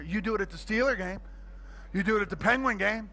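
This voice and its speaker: Soft music sits faintly behind this middle-aged pastor, a fast-talking man with a high voice. His sermon is energetic, full of comic stories, and he veers between quiet asides and loud shouting.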